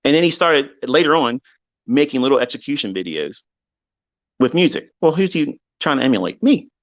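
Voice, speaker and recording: A man hosting a live online audio chat, ranting heatedly and profanely, swinging between loud outbursts and low mutters. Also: animated, normal speed. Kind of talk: heated unscripted rant. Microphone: online audio room.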